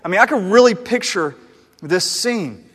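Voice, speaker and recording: A married man preaching a sermon as a pastor, talking in a conversational, animated way with frequent restarts. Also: high-pitched, moderate pace, husky. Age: adult, married. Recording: long hall reverb.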